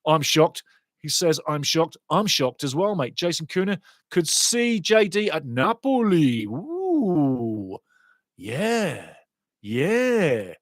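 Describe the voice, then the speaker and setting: Excitable man, high voice. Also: measured pace, no room sound. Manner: excitable, repeats catchphrases, laughs loudly. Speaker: watchalong host. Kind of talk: excited live match commentary.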